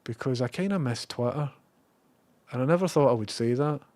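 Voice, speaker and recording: A man's voice: medium pitch, a little fast, no room sound. Sweary Scottish man chatting on stream. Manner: rambling and profane, with bursts of loud excitement. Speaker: live streamer. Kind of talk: casual live-stream chat.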